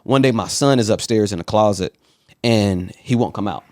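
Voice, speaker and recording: A man in his thirties, a pastor telling stories in a relaxed, casual way and laughing often. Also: fairly low pitch, moderate pace, no echo, studio quality. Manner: laid-back storyteller who laughs often. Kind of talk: casual conversation.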